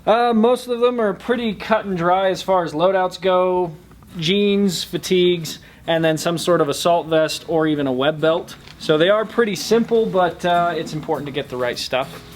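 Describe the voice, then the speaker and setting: A man's voice: sits high, moderate pace. A man who runs an online airsoft store, talking eagerly about gear like a salesman. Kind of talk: enthusiastic product talk.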